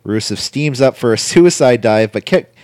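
A man co-hosting a casual chat, recapping a wrestling show in a rambling way with quick impressions. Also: mid-range voice, lively intonation, darkish tone, dry recording, clean studio sound. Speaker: podcast co-host recapping wrestling.

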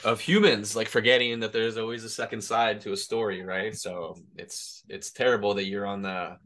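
A man hosting an interview podcast, talking quickly and chatting easily with his guest. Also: lowish voice, fairly even intonation, fairly bright tone. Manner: fast-talking, friendly, chatty. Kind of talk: casual interview.

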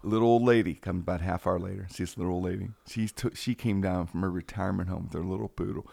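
A man's voice: sits low, fast talker, vocal fry, dry recording. A man, a radio personality telling stories on a casual podcast, acting out quoted lines with animation. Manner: animated, acts out quotes in a raised voice.

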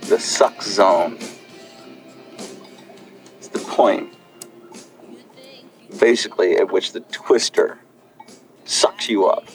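A man's voice: sits low, slow, long pauses. An actor playing a laid-back man who explains things offhandedly in a film clip, with music behind. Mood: offhand.

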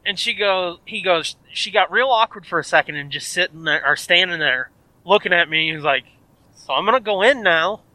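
A man co-hosting a podcast, chatting casually and retelling a story with animated quoted voices. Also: high-pitched, fairly quick, no echo, rough recording. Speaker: podcast co-host. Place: in a moving car.

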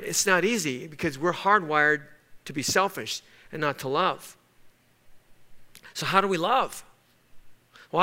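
A man's voice: high-pitched, bright, forceful tone. A man preaching a sermon, telling a story and then pressing his point with rising emphasis. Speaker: pastor.

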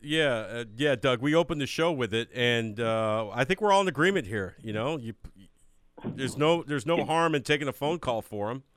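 A man's voice: medium pitch, lively intonation, moderate pace, fairly bright tone, dry recording. A man co-hosting a sports radio call-in show, easygoing and agreeable with callers. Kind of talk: casual sports radio talk. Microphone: studio microphone.

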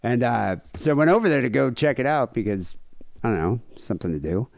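A man's voice: mid-range voice, very animated, fairly quick, gravelly, darkish tone, dry recording, studio quality. A man co-hosting a podcast in casual comedic chat, rambling with lots of fillers and jokey asides. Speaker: podcast co-host.

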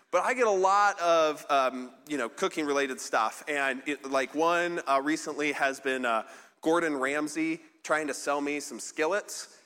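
A man preaches a relaxed, conversational sermon, his bright, lifted voice carrying a lingering reverb from the large hall. He talks in a rambling, self-deprecating way, stopping and restarting with plenty of ums and likes. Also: on the high side. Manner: chatty, self-deprecating, many fillers and restarts. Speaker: pastor. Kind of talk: casual sermon.

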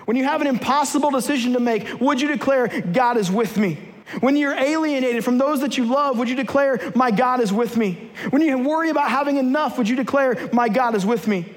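A man's voice: very high voice, fairly quick, big-room sound. A man preaching a sermon to his church, telling a personal story and then leading repeated rallying declarations. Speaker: pastor. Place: church sanctuary.

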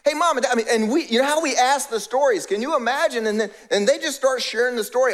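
High-voiced pastor preaching conversationally. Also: male voice, fast talker, few pauses, a bit bright. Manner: conversational preaching with acted-out voices of biblical characters. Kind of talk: sermon.

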